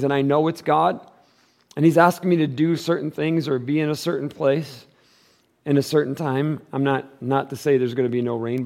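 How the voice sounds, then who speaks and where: A male pastor preaching a sermon in a casual, conversational way, using slang, and swinging between loud, emphatic stretches and quiet, low passages.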